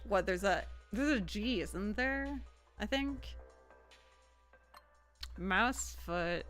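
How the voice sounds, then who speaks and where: A woman's voice: mid-range voice, lively intonation, extremely slow, fairly bright tone, soft background music. A woman streaming a game casually, rambling and chatting with her viewers. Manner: rambling, chatty, talks to chat. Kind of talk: casual gameplay livestream chat.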